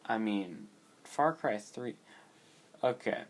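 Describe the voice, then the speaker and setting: A man's voice: lowish voice, expressive, takes it slowly. A young man co-hosting a podcast in casual chat, laid-back and distracted, swearing now and then. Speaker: podcast co-host.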